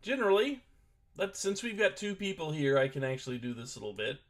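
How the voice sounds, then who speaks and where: A man's voice: medium pitch, very animated, fast talker. Man casually explaining a board game. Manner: hesitant, thinking aloud while setting up. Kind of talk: casual gaming stream chat. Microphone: desk microphone at a computer.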